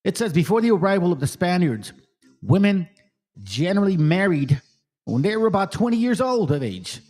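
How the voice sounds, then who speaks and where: A man's voice: sits high, very animated, normal speed, a little mellow. A man hosting a commentary stream, reacting to a clip in a profane, combative way and addressing viewers as fam. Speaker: host.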